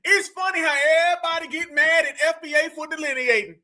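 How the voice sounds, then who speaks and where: A man hosting a live stream, reacting to clips in a loud, mocking way and often calling out to his audience. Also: extremely high pitch, steady tone, quick pace, few pauses. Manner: loud, mocking, keeps addressing "family".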